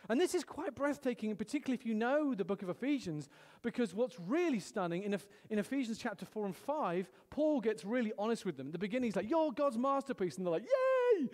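A middle-aged man preaching a sermon, animated, swinging between loud exclamations and hushed storytelling. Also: sits high, quick pace, hardly any pauses, big-room sound.

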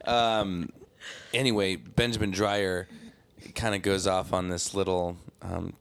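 A man's voice: sits low, level tone, slow, creaky, clear, resonant tone. A man chatting as a podcast guest, talkative and wordy with a joking edge. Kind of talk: casual chat.

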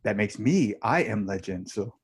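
A man co-hosting a podcast in casual chat, easygoing and quick to laugh. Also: fairly low pitch, expressive, husky. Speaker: podcast co-host.

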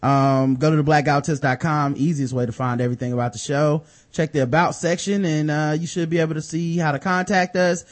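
A man's voice: on the high side, fairly even intonation, a little fast, hardly any pauses. A man hosting a podcast in casual chat, reading sponsor spots in a loose, jokey, profane way with lots of fillers. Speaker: podcast host.

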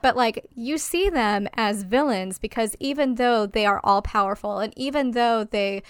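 A woman co-hosting a casual discussion, animated, swearing freely and using many fillers. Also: fairly high pitch, normal speed, smooth, no echo. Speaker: podcast co-host.

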